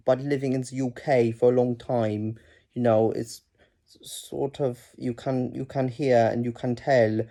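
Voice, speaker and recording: A man's voice: mid-range voice, mellow. A man putting on a German accent, playing a careful, articulate German long settled in the UK. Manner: careful, articulated, slightly camp.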